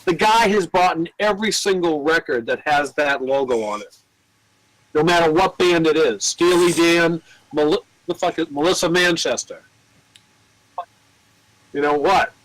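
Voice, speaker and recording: Profane, animated record store guy. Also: on the high side, unhurried, pauses often, poor audio. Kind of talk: casual chat, telling store anecdotes.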